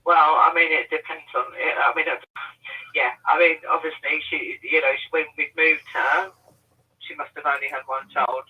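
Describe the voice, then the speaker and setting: A man's voice: fairly high pitch, fairly even intonation, normal speed, slightly rough, distant mic, dull audio. A man talking casually on a call, asking short hesitant questions.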